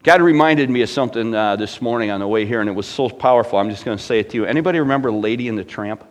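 A man's voice: medium pitch, very fast. A middle-aged man preaching a sermon with rising fervor and asking the congregation rhetorical questions. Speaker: pastor.

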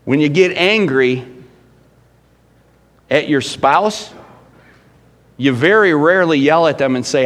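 A middle-aged man preaching a sermon as pastor, emphatic, swinging between loud bursts and hushed lines. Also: on the high side, expressive, slow, long pauses.

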